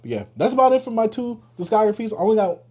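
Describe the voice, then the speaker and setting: A young man co-hosting a podcast, giving animated, opinionated takes and laughing often in casual chat. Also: high voice, rapid-fire. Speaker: podcast co-host.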